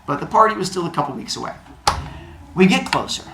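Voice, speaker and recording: A man telling a comedic personal story, animated and acting out the dialogue. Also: high-pitched, background noise. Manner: animated, acts out dialogue with quick voice changes.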